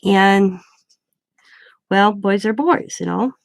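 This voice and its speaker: A middle-aged woman telling a story in a casual, blunt and animated way, acting out the people she quotes. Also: mid-range voice, slow, vocal fry, dry recording. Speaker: crafting channel host.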